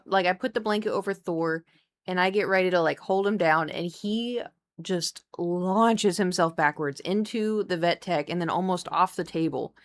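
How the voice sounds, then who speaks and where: Chatty young woman streamer telling a story. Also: lowish voice. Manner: chatty, animated storytelling, talks to her cat mid-story. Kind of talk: casual storytelling to live chat. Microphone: desk microphone.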